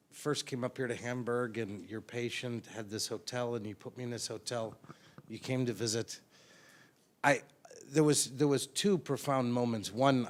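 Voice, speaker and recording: A man, a chiropractor, telling an animated anecdote to a conference audience and acting out the lines he shouted. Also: medium pitch. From United States. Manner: animated anecdotal storytelling, acts out shouted quotes. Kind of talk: storytelling speech to a conference audience.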